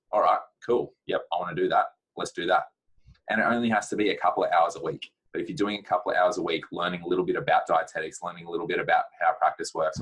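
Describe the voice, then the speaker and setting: A man's voice: low voice, a bit bright, husky, low-quality recording. A man giving blunt, practical career advice in a casual talk to camera, with plenty of fillers.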